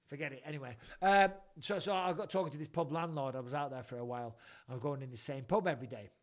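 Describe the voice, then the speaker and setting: A middle-aged English man with a somewhat high voice hosts a casual live chat. He rambles through long anecdotes and swears freely. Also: fast talker. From England. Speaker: podcast host.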